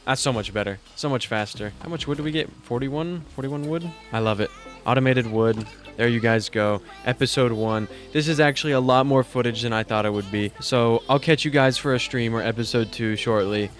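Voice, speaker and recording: A young man giving casual gameplay commentary, thinking aloud in an excitable, self-mocking way. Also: medium pitch, a little fast, soft background music. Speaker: gaming YouTuber.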